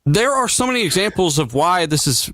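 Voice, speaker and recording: A man's voice: high voice, very animated, brisk, bright, forceful tone, no echo. Heated, swearing man on a dry mic. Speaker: guest commentator. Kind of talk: casual live stream discussion.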